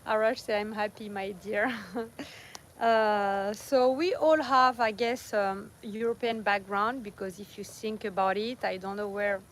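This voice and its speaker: A woman's voice: mid-range voice, a little slow, a little hiss or hum, poor audio. A middle-aged woman with a strong French accent, chatting casually with viewers on a livestream and laughing often, recorded without a mic. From France. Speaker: vlogger. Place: van or home, at night. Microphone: no mic, phone or camera only.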